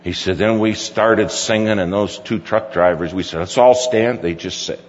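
A middle-aged male pastor with a lowish voice tells a folksy story during a sermon at a moderate pace, quoting his son at length. The recording is dull, with hall reverb and slight background noise.

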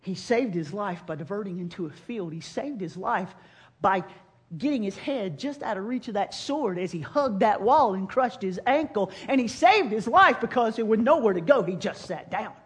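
A woman preacher retelling a scripture story in a sermon, with animated storytelling that swings from loud to hushed. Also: medium pitch, normal speed.

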